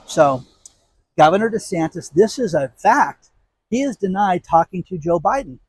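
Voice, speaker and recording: A man's voice: sits high, very animated, moderate pace, darkish tone, a little hiss or hum. A man hosting his own commentary channel, ranting outdoors in a heated, exasperated way with sarcastic asides. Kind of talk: angry commentary rant.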